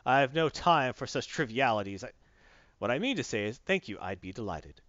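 A man's voice: medium pitch, very animated, a little fast, fairly bright tone, no echo. A man voicing an arrogant, stuck-up superhero who speaks in a pompous, formal way, in a dull lo-fi recording. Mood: haughty. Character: arrogant, stuck-up male genius hero.

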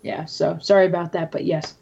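Mellow-voiced woman guest, chatty. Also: fairly low pitch, steady tone, fairly quick, creaky, lo-fi sound. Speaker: podcast guest. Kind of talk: casual chat. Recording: music playing behind.

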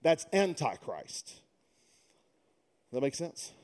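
A man's voice: fairly high pitch, sing-song, very slow, a little mellow. A middle-aged man preaching a sermon, mixing humorous conversational stories with emphatic preaching. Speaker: pastor.

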